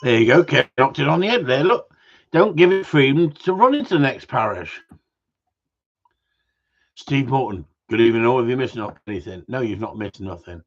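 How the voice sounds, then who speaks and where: Husky man chatting on a live stream. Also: mid-range voice, animated, moderate pace. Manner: banter-filled, swears, reads viewer messages aloud. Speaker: gundog trainer hosting a live stream. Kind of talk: casual live-stream chat reading viewer comments. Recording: dull lo-fi sound.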